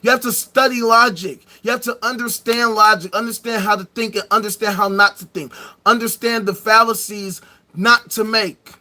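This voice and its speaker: A man hosting a live stream, ranting in a heated, profane and mocking way, breaking into shouts. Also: high voice, fairly even intonation, normal speed.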